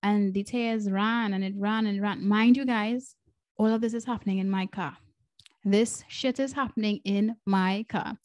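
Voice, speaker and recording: A woman's voice: medium pitch, steady tone, normal speed, darkish tone, no echo. Earnest woman podcaster, dry close sound. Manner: earnest, emotional, repeats phrases for emphasis. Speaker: podcast host and breathwork coach. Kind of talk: personal storytelling monologue.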